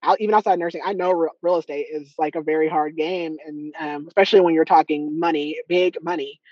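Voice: medium pitch, steady tone, brisk, a little mellow, no echo, dull audio. A podcast host chatting casually, agreeing readily and joking about their own stubbornness. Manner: agreeable, frank, self-mocking with laughs.

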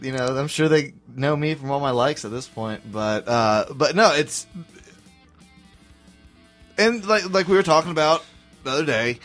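A man's voice: on the high side, expressive, moderate pace, pauses often, a bit bright, soft background music. A man with a Southern US accent co-hosting a podcast, rambling and restarting sentences with a chuckle. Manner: rambling, self-interrupting, chuckling. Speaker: podcast co-host. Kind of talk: casual chat.

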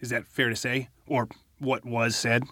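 A man's voice: medium pitch, level tone, normal speed, fairly bright tone, no room sound, clean studio sound. A man, a defense lawyer, cross-examining a witness with pointed, leading questions.

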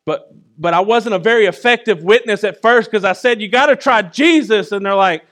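A man preaching a sermon in a conversational way, often asking "right?" and moving between loud and soft. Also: sits high, fairly quick. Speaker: pastor.

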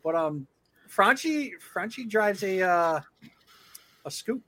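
High bright-voiced man, swearing storyteller. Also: animated, slow. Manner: profane rambling storytelling. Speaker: podcast host. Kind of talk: casual chat.

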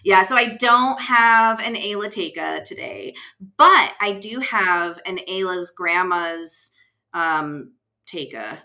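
Bright upbeat west coast woman gabbing on a pod, lots of likes and ums. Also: fairly low pitch, slow pace. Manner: chatty, many fillers, animated retelling. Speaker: podcast co-host. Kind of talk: casual chat.

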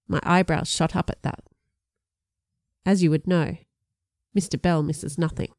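A woman reading a first-person story aloud, expressive and lively in her narration. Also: measured pace, pauses often, no echo, clean studio sound. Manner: expressive, lifts pitch for dialogue. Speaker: audiobook narrator.

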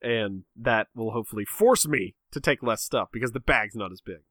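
A man's voice: lowish voice, moderate pace, fairly bright tone, no echo. A man chatting casually, rambling and self-mocking as he tells a story about himself. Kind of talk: casual chat, telling a story.

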